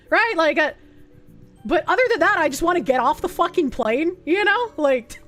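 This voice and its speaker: Young woman, high voice, sarcastic, blunt, swears, streamer reacting to an article. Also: lively intonation, moderate pace, a bit bright, soft background music.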